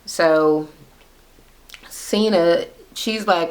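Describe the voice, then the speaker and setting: This woman's low, creaky voice moves at an unhurried pace. She talks to the camera while recapping a reality show, and her casual commentary is blunt, sarcastic, and full of swearing.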